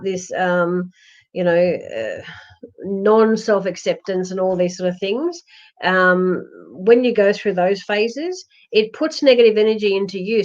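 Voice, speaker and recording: A woman's voice: mid-range voice, darkish tone. Reassuring woman psychic, lo-fi stream. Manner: reassuring, rambling with many fillers and restarts. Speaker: psychic medium. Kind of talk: live-streamed psychic readings. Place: home, during a lockdown. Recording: dull lo-fi livestream audio.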